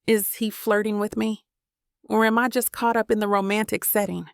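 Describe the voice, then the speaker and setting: A woman narrating a first-person romance audiobook in a gentle, intimate way on a close mic. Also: medium pitch, flat delivery, normal speed, creaky, smooth, no room sound.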